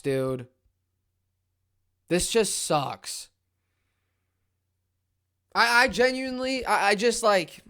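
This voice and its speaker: A young man ranting as a fan on a sports podcast, frustrated and swinging into loud outbursts. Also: high-pitched, smooth. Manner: exasperated rant with sudden loud outbursts.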